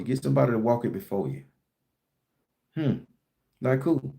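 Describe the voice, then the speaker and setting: Man, casual folk-magic teaching, profane, storytelling, warm low tone. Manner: folksy and profane, acts out dialogue. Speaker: spiritual teacher and tarot reader. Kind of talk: casual live-stream teaching.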